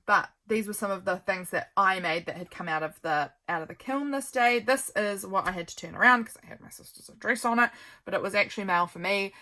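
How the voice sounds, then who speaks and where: A woman talking in a loose, chatty show-and-tell way, friendly and rambling. Her voice sits at an ordinary middle pitch, and she fills pauses with ums and side remarks as she goes. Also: pushed and bright. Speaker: journaling vlogger.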